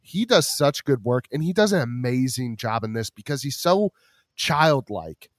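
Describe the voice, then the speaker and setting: A man's voice: medium pitch, lively intonation, normal speed, dry recording, studio quality. Enthusiastic rambling male podcast host. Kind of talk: casual chat.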